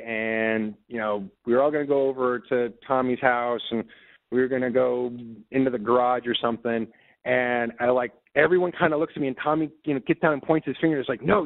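A man telling a personal story as an interview guest, speaking haltingly with many fillers and restarts. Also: mid-range voice. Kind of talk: casual storytelling. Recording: tinny phone-like call audio.

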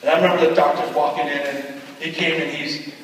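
A male pastor telling a personal story in a sermon, moving between hushed and loud as he relives it. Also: fairly high pitch, fairly even intonation, a little fast, a little hiss or hum. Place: retreat meeting hall. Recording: echoey hall picked up from far off.

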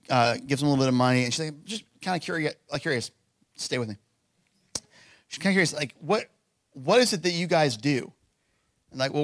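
Male pastor, conversational sermon delivery with frequent restarts; slightly high voice, dry close sound. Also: fairly bright tone, dry recording. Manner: conversational storytelling with many restarts and fillers. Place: church.

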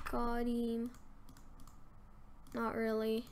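A woman doing casual, self-mocking commentary over a game, excitable and prone to sudden gasps and yelps. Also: on the high side, normal speed, a little hiss or hum. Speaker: gaming commentator.

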